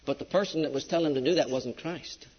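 Preacher, male, high voice, emphatic sermon delivery, dull old recording. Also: fast, husky. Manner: emphatic, swings between loud preaching and hushed storytelling. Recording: dull lo-fi recording with long hall reverb.

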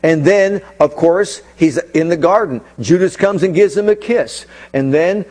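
A man with a fairly high voice delivers a sermon. He retells the story with dramatic flair and stretches key phrases slowly for weight. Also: a little mellow. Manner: dramatic storytelling, slows for emphasis. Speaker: pastor.

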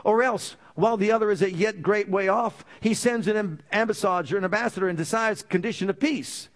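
Male preacher, high voice, emphatic sermon delivery, asks the congregation to finish his lines, drops low and soft to plead. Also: brisk. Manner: call-and-response questions to the congregation. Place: church.

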